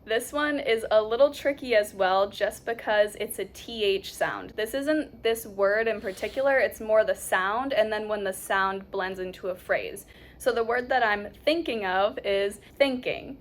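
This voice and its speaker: A young woman teaching English pronunciation in a casual lesson, upbeat and coaching, with slow repeated demonstrations. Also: mid-range voice.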